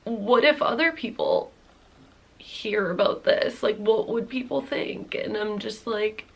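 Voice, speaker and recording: A woman's voice: mid-range voice, lively intonation, takes it slowly, vocal fry. A woman in her thirties telling a personal story to camera in a rambling, candid way, full of "like"s, swearing and nervous laughs. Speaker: vlogger.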